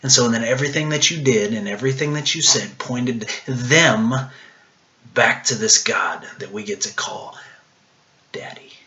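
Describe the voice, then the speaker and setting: A man talks through a short devotional in a casual, earnest way, often pausing on ums and repeating himself. His voice is bright and clear, and he sometimes drops to a near whisper on the most intimate words. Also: mid-range voice, dull audio.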